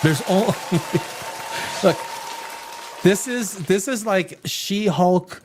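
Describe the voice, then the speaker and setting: A man's voice: sits high, extremely slow, crowd noise, noisy background. A man hosting a casual live-stream TV review, rambling and exasperated, with sarcastic asides. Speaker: TV show reviewer, host.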